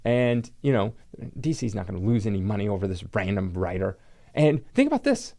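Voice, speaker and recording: Fairly low-pitched and warm but gravelly, his sing-song voice moves at a fairly quick clip. He's a comic book collector hosting his own channel, ranting casually to camera in an indignant, rambling manner and saying "like" constantly.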